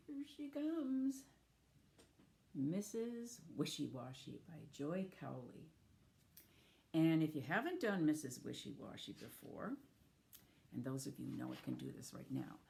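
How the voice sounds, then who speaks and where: A woman's voice: low-pitched, very animated, measured pace, creaky, darkish tone. A woman reading picture books aloud to young children, inviting them to join in the actions and sound effects. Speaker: children's storyteller.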